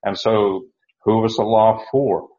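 A man giving a verse-by-verse Bible teaching, halting and restarting often, slowing down to stress key words. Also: on the low side, steady tone, dark tone, muffled recording. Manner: halting, with many restarts and uhs.

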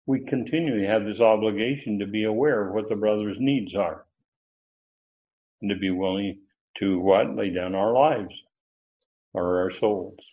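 A man's voice: on the low side, moderate pace, long pauses. Man preaching over tinny phone-like audio. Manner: teacherly, stresses key words with sudden lifts. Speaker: pastor. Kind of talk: expository sermon.

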